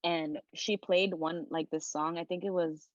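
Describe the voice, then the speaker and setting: A woman's voice: lowish voice, fairly even intonation, a little slow, dry recording. A young woman chatting as a podcast guest, speaking earnestly and from the heart, with lots of "like" in her talk. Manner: earnest, heartfelt, leans heavily on "like". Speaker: podcast guest, content creator. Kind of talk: casual conversation. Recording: dull lo-fi recording.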